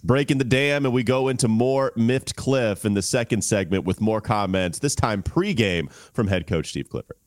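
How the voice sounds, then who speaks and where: Male podcast host, lower register, expressive intonation, dry close mic. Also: moderate pace, few pauses, no room sound. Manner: lively delivery, short agreeing replies. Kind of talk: casual sports podcast chat.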